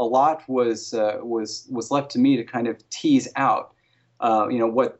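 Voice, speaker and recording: Gravelly-voiced man, hesitant and chatty. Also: medium pitch, darkish tone. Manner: hesitant, many restarts and fillers. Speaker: alien language and culture consultant for a TV series. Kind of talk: casual interview answers. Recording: dull lo-fi sound.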